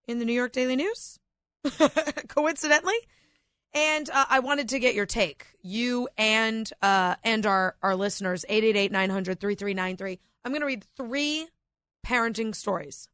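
Female radio co-host, higher voice, dry studio sound, chatty, laughs a lot. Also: measured pace, fairly bright tone, smooth, no room sound. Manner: laughs often, bantering. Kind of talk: casual talk radio chat.

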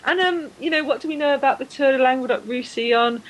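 A woman's voice: high voice, fast, slight background noise, low-quality recording. A woman hosting a podcast in casual chat, rambling with fillers and restarts, enthusiastic about her subject. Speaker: podcast host.

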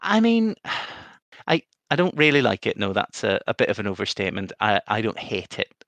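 A man's voice: fairly low pitch, big pitch swings, moderate pace, fairly bright tone, no echo. A man co-hosting a casual gaming podcast, rambling and often repeating words as he restarts his sentences. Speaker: podcast co-host.

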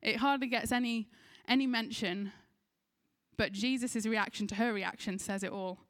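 An English-accented woman preaches a sermon, her voice sitting a little high. She retells a scripture story earnestly and now and then slips into the voices of its people. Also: steady tone, moderate pace, fairly bright tone. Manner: earnest storytelling, acts out quoted lines.

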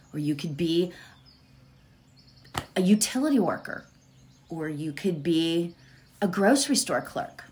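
A woman giving a slow, gentle inspirational talk that moves into a guided meditation. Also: fairly low pitch, expressive. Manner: slow, gentle, drawn-out phrasing with soft laughs. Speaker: spiritual speaker leading a meditation.

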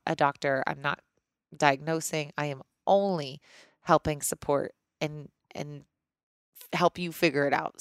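A woman's voice: low-pitched, no echo, clean studio sound. Candid, rambling woman podcast host. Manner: candid, rambling, frequent restarts. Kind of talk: casual chat answering listener questions.

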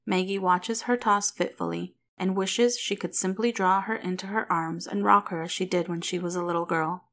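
A woman narrating a story aloud in a calm, even manner. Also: lowish voice. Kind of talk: reading fan fiction aloud.

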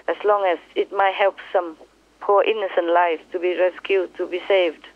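A woman's voice: on the low side, level tone, normal speed. A woman spiritual teacher on a phone call with her disciples, speaking in an impassioned, emphatic way and repeating her points. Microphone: telephone. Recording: tinny phone line.

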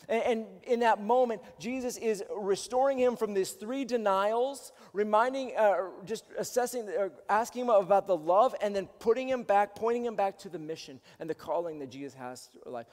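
A man preaching an earnest sermon, stumbling over restarts and building to loud calls for the congregation to respond. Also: high-pitched, animated, moderate pace, few pauses. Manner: earnest, rising to loud exhortation with frequent restarts. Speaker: pastor. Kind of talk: sermon to a live-streamed congregation. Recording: long hall reverb.

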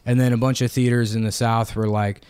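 A man's voice: mid-range voice, level tone, a little fast, darkish tone, clean tone, no room sound. A man co-hosting a podcast, trading crude jokes in casual banter and rambling between laughs. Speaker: podcast co-host.

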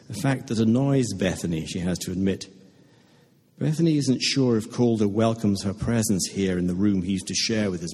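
A man reading a story aloud to a live audience, in a measured, understated way. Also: lowish voice, darkish tone, slightly rough. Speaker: reader at a literary reading. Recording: echoey hall with long reverb.

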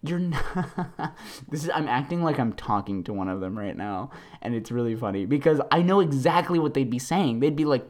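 A podcast host ranting solo, rambling with many fillers and laughs, swinging between low mumbles and loud animated bursts. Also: normal speed.

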